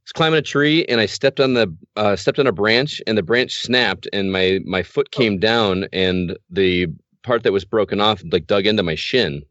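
Low-voiced man telling a story. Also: moderate pace, fairly bright tone, dry recording. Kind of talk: casual chat. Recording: dry muffled sound.

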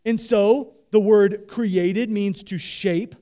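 A man preaching a sermon with a high yet mellow, darkly colored voice. He is animated and leads the congregation in call-and-response, rambling with fillers and restarts as he works through his points. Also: takes it slowly. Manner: talks loosely with many fillers and restarts. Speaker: pastor.

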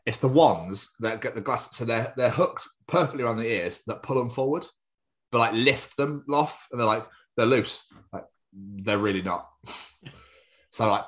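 A man's voice: medium pitch, normal speed, a bit bright. A young man, co-hosting a podcast in casual chat, jokey and rambling. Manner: chatty, jokey, slips into silly put-on voices. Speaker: podcast co-host.

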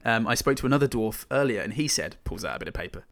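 A man's voice: medium pitch, expressive, fast talker, fairly bright tone. A man co-hosting a film podcast, dry and sarcastic, swearing for laughs in casual chat. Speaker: podcast co-host reviewing films.

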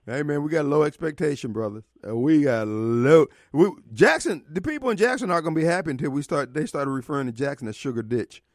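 A Mississippi man hosts a call-in radio show, talking bluntly and preaching his point with emphatic laughs. His voice sits high and swings widely in pitch. The studio sound is close and dry. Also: very animated, fast, hardly any pauses, no room sound. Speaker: radio talk show host. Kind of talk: opinionated call-in radio talk.

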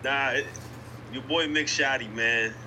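A man guesting on a casual podcast, relaxed, talking with many pauses and fillers. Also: medium pitch. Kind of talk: casual chat. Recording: clear background noise.

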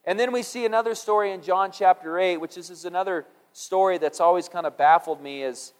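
A middle-aged man preaching a sermon in a conversational, musing way, rising for emphasis and dropping low when quoting scripture. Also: fairly quick, smooth. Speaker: pastor.

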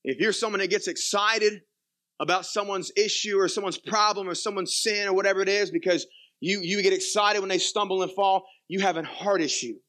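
Preaching with lots of energy, a young pastor swings from hushed asides up to loud, forceful high points. He has a high voice and a slightly quick delivery.

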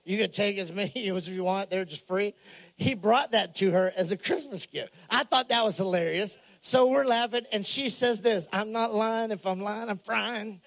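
A high-pitched man delivers a sermon full of stories and jokes. He is animated throughout and raises his voice to a shout on the lines he wants to land. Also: moderate pace, vocal fry. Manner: animated, jokey, shouts for emphasis. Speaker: pastor. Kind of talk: humorous storytelling sermon.

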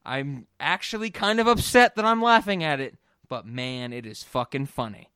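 A man hosting a podcast in casual chat, rambling and animated with lots of fillers and free swearing. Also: mid-range voice, normal speed, clean tone, dry recording, studio quality. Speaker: podcast host.

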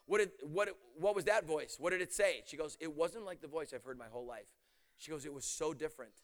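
A middle-aged male preacher tells his stories at a rapid clip, in a voice set a little higher than most men's. He swings from loud, excited exclamations down to hushed, intense near-whispers. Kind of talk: sermon storytelling.

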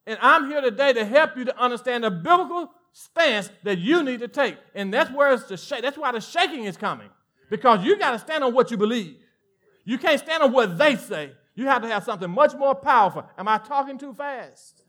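A male pastor with a Southern American accent preaching a sermon, animated, swinging from loud emphatic lines to hushed asides. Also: very high voice, a little fast.

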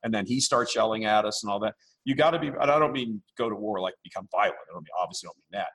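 A man speaking as a podcast guest, blunt and forceful, repeating himself as he rambles. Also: lowish voice, very fast, breathy edge. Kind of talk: casual interview.

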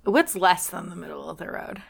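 A woman co-hosting a casual movie review chat, easygoing and quick to agree. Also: fairly low pitch, big pitch swings, vocal fry, slightly rough. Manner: easygoing, agreeable, often laughing along. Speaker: podcast co-host.

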